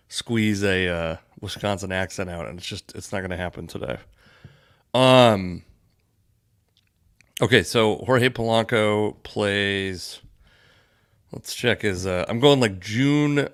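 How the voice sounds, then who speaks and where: Rambling low-voiced man talking baseball. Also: fairly bright tone. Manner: rambling, self-correcting, thinking aloud. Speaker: sports podcast host. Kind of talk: casual sports talk.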